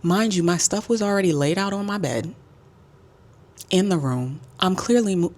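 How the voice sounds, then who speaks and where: A woman telling a casual storytime as a travel vlogger, with sassy, emphatic and animated delivery. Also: on the low side, normal speed.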